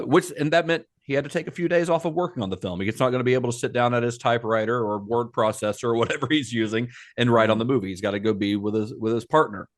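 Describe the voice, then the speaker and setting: A man hosting a film podcast, telling the production story in a relaxed, chatty way with frequent fillers. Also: mid-range voice. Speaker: podcast host. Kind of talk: casual film podcast narration.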